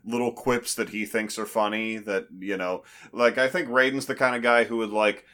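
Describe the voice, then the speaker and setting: Low-voiced man, halting dry chat. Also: fairly even intonation, pushed and bright. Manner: halting, repeats words, dry humor. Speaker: podcast co-host. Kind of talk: casual movie-review chat.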